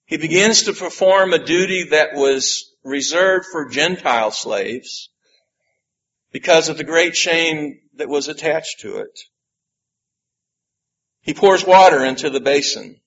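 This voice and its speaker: Male preacher, unhurried emphatic sermon with long pauses, on a muffled lo-fi recording. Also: fairly high pitch, fairly bright tone. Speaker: pastor.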